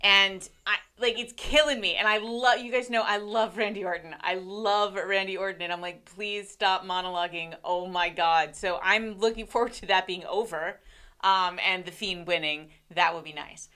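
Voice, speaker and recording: A woman's voice: medium pitch, steady tone, normal speed, pushed and bright. A woman co-hosting a podcast, chatting casually with lots of ums and likes. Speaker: podcast co-host. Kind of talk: casual chat.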